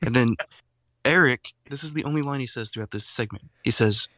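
A man's voice: medium pitch, a little fast, sharp tone, no room sound. A man on a casual podcast, plainly and steadily retelling a scene. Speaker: podcast co-host.

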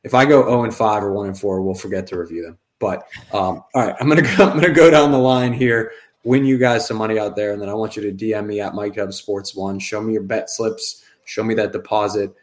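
Man, low-ish voice, sports podcast co-host, confident rapid-fire picks. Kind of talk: casual sports podcast chat.

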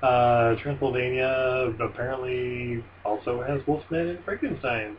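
A man's voice: mid-range voice, steady tone, unhurried, far from the mic, muffled recording, slight background noise. A man co-hosting a casual movie chat, playful and laughing often. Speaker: podcast co-host.

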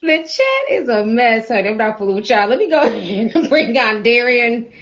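A middle-aged woman with a high voice hosts a casual live call-in room. She laughs a lot and teases her listeners. The sound is dull and lo-fi, like a streamed online room. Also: big pitch swings, moderate pace. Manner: laughs often, teasing, calls people honey.

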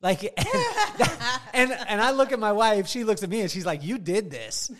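Man, podcast host, casual chat, high-ish voice, jokey storyteller, laughs a lot. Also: wildly swooping pitch, normal speed, a bit bright. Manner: joking storyteller, laughs often.

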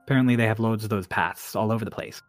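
A man's voice: fairly low pitch, steady tone, rapid-fire, soft background music, natural voice. A man voicing a laid-back, blunt woman sailor with a Cockney accent and clipped, offhand phrasing.

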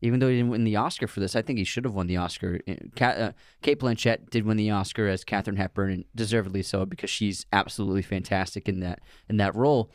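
A man's voice: lowish voice, steady tone, fast, few pauses, no echo, clean studio sound. A man co-hosting a podcast, giving opinionated takes on actors and films in a casual chat. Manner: opinionated, talks through his views. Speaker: podcast co-host. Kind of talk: casual film discussion.

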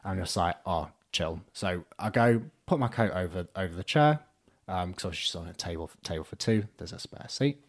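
A man's voice: low voice, moderate pace. A young man, a podcast guest casually telling an embarrassing dating story and acting out the voices in it. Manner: animated storyteller, acts out both sides with "I'm just like".

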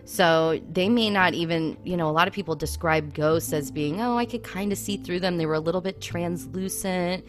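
Low-pitched woman co-host, chatty storyteller, faint music underneath. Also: moderate pace, hardly any pauses. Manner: animated, lots of fillers like "I mean". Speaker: podcast co-host. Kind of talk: casual storytelling chat.

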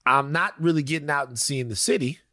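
A man's voice: fairly high pitch, fairly quick, sharp tone, no echo, studio quality. A man co-hosting a podcast in casual chat, rambling and joking, repeating phrases for laughs. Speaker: podcast co-host.

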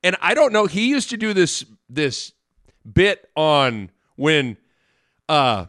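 A male podcast co-host chatting casually and animatedly, breaking into yelled bits. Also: fairly high pitch, slow, no room sound, studio quality. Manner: animated, bursts into yelled impressions. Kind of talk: casual chat.

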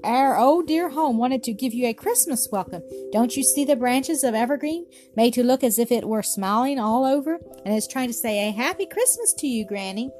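A woman's voice: on the high side, lively intonation, moderate pace, few pauses, warm tone, lightly acted. A woman voicing an eager, cheerful little girl in a storybook reading, with a pleading, hopeful way of talking. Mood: joyful. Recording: music playing behind.

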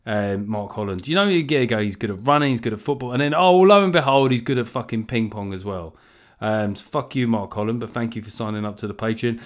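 A man's voice: fairly low pitch, quick pace. A man with a South London accent hosting a podcast in a casual, rambling way, joking sardonically and swearing freely. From England. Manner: rambling with restarts and chuckles. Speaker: podcast host.

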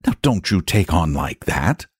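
A man's voice: low voice, sing-song, unhurried, husky, no echo, studio quality, pitched below the performer's own voice, full character voice. A man voicing a sensible, no-nonsense country wife in a storybook reading, speaking in a soothing, practical way.

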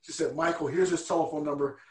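A man telling a personal story as an interview guest, earnest and animated, acting out the people he quotes. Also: a little high, fast, roomy sound.

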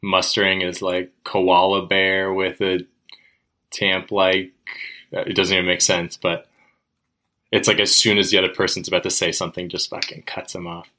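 A man's voice: deep voice, completely flat delivery, moderate pace, pushed and bright. A young man co-hosting a podcast, rambling casually with lots of fillers and crude language. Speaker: podcast co-host. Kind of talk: casual chat.

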